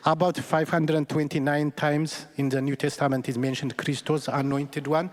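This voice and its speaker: Earnest priest with a fairly high voice in a church. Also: male voice, little pitch movement, moderate pace, few pauses, a little mellow. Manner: storytelling, earnest, chuckles between points. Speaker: Catholic priest. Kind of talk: sermon. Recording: long church reverb.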